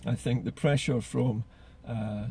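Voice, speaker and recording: Husky, mellow-voiced man commenting. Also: mid-range voice, fairly even intonation, measured pace. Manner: earnest, repeats words while gathering thoughts. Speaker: political commentator. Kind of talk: solo political commentary.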